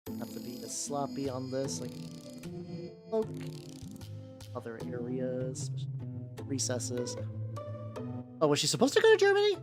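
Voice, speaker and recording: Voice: medium pitch, big pitch swings, unhurried, long pauses. A streamer from the United States chatting casually while painting miniatures, rambling and swearing often. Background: faint background music.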